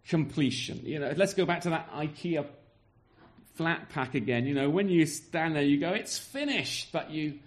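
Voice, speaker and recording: A man preaching a sermon, earnest and emphatic, often repeating words as he builds his point and speaking partly to the children present. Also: a little high. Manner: addresses children in the congregation.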